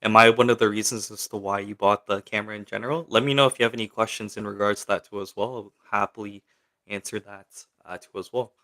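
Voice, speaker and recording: A young man hosts a casual livestream, chatting and rambling with plenty of fillers as he reads viewer questions aloud and answers them. His voice is fairly low, steady and fast, with a sharp tone.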